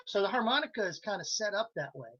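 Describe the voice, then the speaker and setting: A man's voice: sits high, lively intonation, fast, sharp tone, highs cut off, soft background music. A man teaching harmonica in a live online lesson, explaining licks step by step in a casual way and counting in the band. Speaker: harmonica instructor. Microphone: video call.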